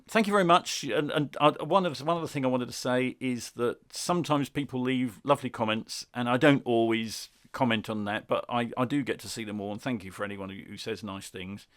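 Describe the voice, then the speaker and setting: A British man giving a casual, wry spoken review of music software, chatty and self-deprecating. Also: medium pitch. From Britain.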